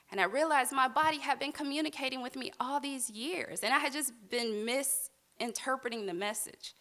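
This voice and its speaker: A woman's voice: a little high, animated, moderate pace, fairly bright tone. A woman telling a personal story on a live stage, heartfelt and candid with touches of wry humor.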